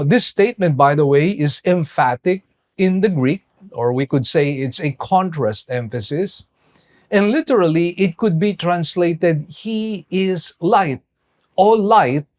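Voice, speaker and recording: A male pastor giving a measured sermon, pausing for emphasis as he explains scripture. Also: a little high. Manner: slow, measured preaching with emphatic pauses.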